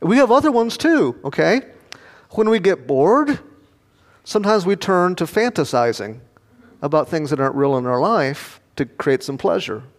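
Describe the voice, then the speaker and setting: A man's voice: fairly high pitch, sing-song, normal speed. An older man preaching a sermon, telling homely family stories and asking the congregation questions. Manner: folksy storytelling, asks the congregation questions. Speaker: pastor. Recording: long reverb of a large hall.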